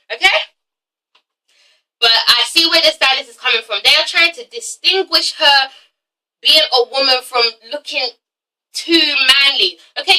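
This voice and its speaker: A woman's voice: high voice, bright, forceful tone, distant mic, low-quality recording. A young woman with an English accent giving a blunt, sassy review, swearing freely and tagging "okay?" onto her points. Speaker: vlogger reviewing a reality show. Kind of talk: casual sassy commentary.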